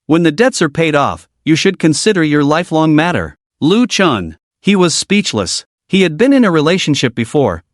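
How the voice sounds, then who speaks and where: A man reading a comic recap as scripted narration, doing every part in the same steady narrating voice. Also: on the high side, dry recording, clean studio sound.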